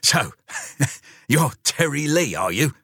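Man doing a stern male dog, fussy interviewer, storybook, husky, pitched up. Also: big pitch swings, a bit bright, dry recording, studio quality, heavily acted. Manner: stern, chuckling, drawn-out growls.

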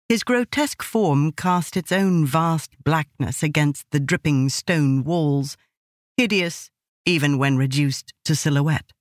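In a low-pitched voice, a woman narrates a scripted audiobook with measured, expressive storytelling. The studio-quality recording is dry.

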